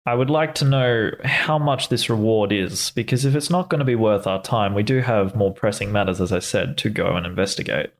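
A man's voice: on the low side, brisk, few pauses. A man playing a tabletop game who bargains bluntly and crudely. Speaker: player. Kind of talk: casual tabletop play.

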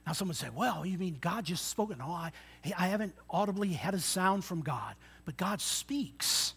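Man in his sixties preaching with a high, bright voice. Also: normal speed, vocal fry, husky. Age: 60s. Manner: lively preaching, swinging between loud emphatic lines and quiet asides. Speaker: pastor. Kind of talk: sermon.

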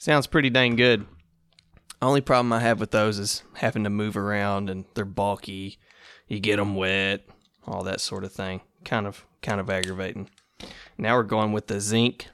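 A man's voice: on the low side, flat delivery, normal speed, a bit bright, a little hiss or hum. A man hosting a casual solo podcast in a laid-back, rambling, self-amused way. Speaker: podcast host.

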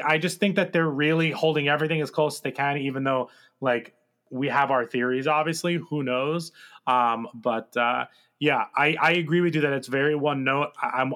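Man, podcast co-host, higher pitch, hesitant, lots of fillers, casual chat. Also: fairly bright tone. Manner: hesitant, full of fillers and restarts.

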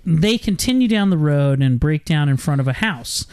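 A man's voice: a little high, expressive, normal speed, a little mellow, clean tone. A man casually recapping a film on a podcast, rambling and joking with lots of profanity. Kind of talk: casual chat.

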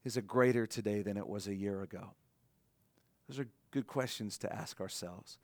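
A man preaching a sermon in an earnest way, slowing down and softening on his key points. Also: on the low side, no room sound. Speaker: pastor.

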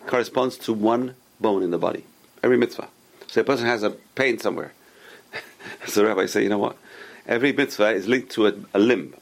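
Gravelly-voiced man teaching a Torah class. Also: medium pitch. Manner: explanatory, repeats points, asks and answers his own questions. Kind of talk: casual Torah lesson.

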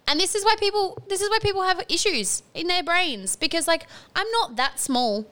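A woman's voice: very high voice, sing-song, a little fast, few pauses, bright, forceful tone. A young woman, co-hosting a podcast in casual chat, candid and swearing freely. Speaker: podcast co-host.

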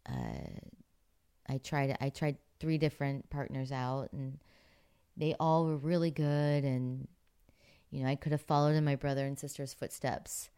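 Middle-aged actress from Pittsburgh, chatty interview guest, very deep and smooth for a woman. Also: dark tone. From Pittsburgh, USA. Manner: chatty, many fillers, laughs often. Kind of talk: relaxed interview storytelling.

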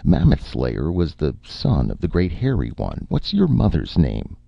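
Guy doing a drunk confused robot, slow and slurry, super deep and gravelly. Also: wildly swooping pitch, no room sound, dull audio, exaggerated voice. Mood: muddled. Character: tipsy, confused, forgetful male robot.

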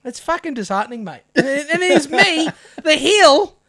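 A man's voice: very high-pitched, sing-song, moderate pace, a bit bright. A New Zealand man co-hosting a podcast, ranting sarcastically with plenty of swearing in casual banter. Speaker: podcast co-host.

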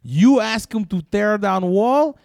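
A man plays a crude Russian strongman in a comedy sketch, speaking a mock Russian accent in slow, clipped broken English. His pitch is high and swings widely, and the sound is dry. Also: lively intonation, gravelly, a little mellow, no echo, heavily acted. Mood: menacing. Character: menacing crude Russian leader, middle-aged man.

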